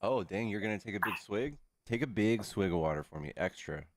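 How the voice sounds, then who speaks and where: Lowish-voiced joking male streamer. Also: a little fast, noisy background. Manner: joking, exasperated, jumps high when excited. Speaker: livestream host. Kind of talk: casual livestream debate chat.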